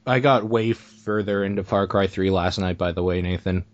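A man's voice: deep voice, moderate pace, no room sound. A man hosting a casual podcast, teasing his guest and laughing easily. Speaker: podcast host. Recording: dull lo-fi audio.

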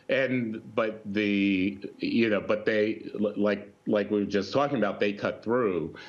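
A man's voice: on the low side, dull audio. A man, a company chief, answering interview questions in a rambling way with many restarts. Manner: rambling, full of restarts and fillers. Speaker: company CEO guest.

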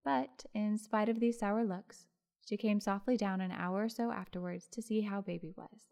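A woman narrating a classic story for an audiobook. Her reading is lively, with little asides to the listener. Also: mid-range voice, moderate pace, gravelly.

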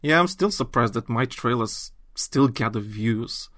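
A man chatting on a gaming podcast, recorded close and dry. He talks in animated bursts and rants, stumbling into restarts as he goes. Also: medium pitch, unhurried, dry recording. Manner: animated, ranting, trails off into restarts. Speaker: podcast host. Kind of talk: casual chat.

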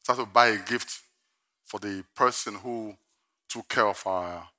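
A man's voice: lowish voice, measured pace, bright, forceful tone. An older man preaching a sermon, telling a humorous personal story and then preaching emphatically from scripture. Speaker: pastor.

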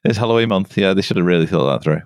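A man's voice: low-pitched, racing, darkish tone, no room sound, studio quality. A man with a Northern English accent co-hosting a gaming podcast in casual, chatty talk and laughing easily. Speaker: podcast co-host. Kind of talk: casual chat.

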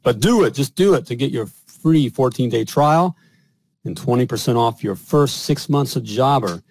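A man's voice: mid-range voice, lively intonation, normal speed, darkish tone. A male podcast host with a mid-range voice who talks in an emphatic, coaching manner and keeps checking in with his listeners. The sound is dry and close, with no room echo. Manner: emphatic, repeats "all right?" and "you know". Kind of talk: host conversation and spoken sponsor pitch.

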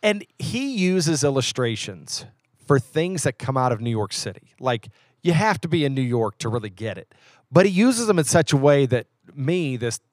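A man's voice: medium pitch, expressive, normal speed, no echo, studio quality. A man, a pastor from West Virginia, chatting casually and easygoing on a podcast. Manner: easygoing, stops and restarts, warm enthusiasm. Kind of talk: casual chat.

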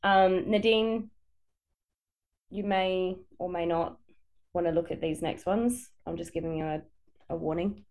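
Hedging, low-voiced woman podcaster. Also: measured pace, long pauses, a little mellow. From Perth, Australia. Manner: hedging storyteller, laughs easily. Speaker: podcast co-host presenting a case. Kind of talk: casual podcast chat.

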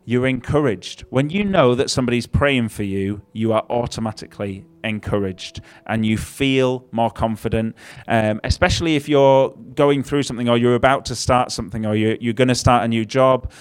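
Conversational preacher, wry asides. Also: male voice, mid-range voice, normal speed, clean tone. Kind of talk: sermon.

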